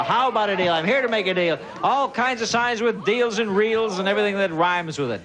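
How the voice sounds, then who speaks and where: A man hosting a game show with lively, joking banter, teasing the contestants. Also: high-pitched, brisk, few pauses, crowd noise. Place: large television studio. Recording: live studio audience and noise behind.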